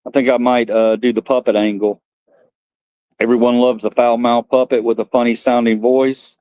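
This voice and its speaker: A man's voice: medium pitch, level tone, normal speed, darkish tone, dry recording, muffled recording. A man hosting a live stream in loose, joking chat, laughing at himself.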